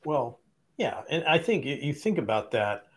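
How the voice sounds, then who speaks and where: A man co-hosting a sports podcast in casual chat, jumping in with quick playful reactions. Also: mid-range voice, very animated. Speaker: podcast co-host.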